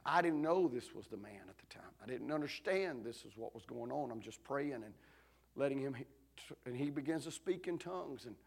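Man, pastor, sermon, dramatic storytelling, gravelly voice. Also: mid-range voice, expressive, moderate pace. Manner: dramatic storytelling, swinging from shouts to hushed tones.

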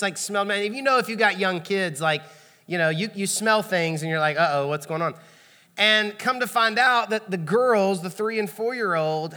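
Bright-voiced preacher in an echoing hall. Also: male voice, high voice. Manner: conversational, prods the congregation. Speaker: pastor. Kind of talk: sermon. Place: church auditorium. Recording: long hall reverb.

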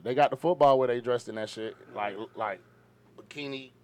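A man co-hosting a podcast in casual chat, loud and animated, acting out quotes. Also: mid-range voice, moderate pace. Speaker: podcast co-host.

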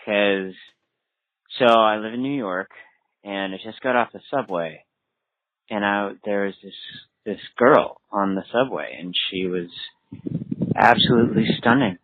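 A man's voice: fairly low pitch, measured pace, pauses often, no room sound. A man calling in to ask for advice, hesitant and earnest. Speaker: caller. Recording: phone-line sound.

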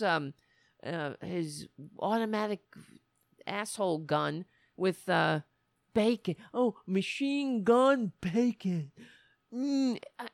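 Slow gravelly woman ranting. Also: medium pitch, dry recording, studio quality. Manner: sarcastic, profane, exasperated. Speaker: show host. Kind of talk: casual ranting monologue.

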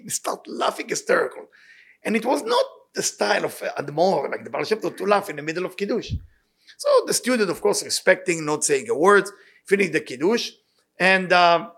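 A man giving an impassioned sermon and telling a story, repeating his key words and speaking loose, halting English. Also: high-pitched, creaky, fairly bright tone, slightly rough. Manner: loose, halting non-native English grammar. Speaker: rabbi giving weekly inspiration.

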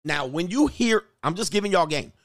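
A man's voice: high-pitched, lively intonation, moderate pace, fairly bright tone. Joking, crude male coach. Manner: crude, joking, laughs often. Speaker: dating coach. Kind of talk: casual livestream commentary.

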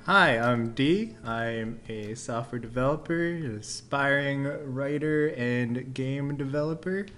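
A man chatting as a podcast guest, throwing in dry, playful jokes. His voice sits at a plain middle pitch. He talks about his hobbies in a relaxed, easy way. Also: takes it slowly. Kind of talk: casual podcast chat.

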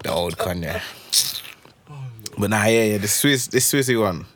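A man's voice: on the low side, measured pace, a loud crowd. A young man with a Wolverhampton accent, chatting casually on a podcast in a laid-back, drawling way. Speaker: podcast host. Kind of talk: casual chat.

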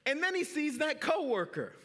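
A man's voice: very high-pitched, sing-song, normal speed, fairly bright tone, long reverb tail. A male pastor preaching a sermon, telling a story with animation and putting questions to the congregation.

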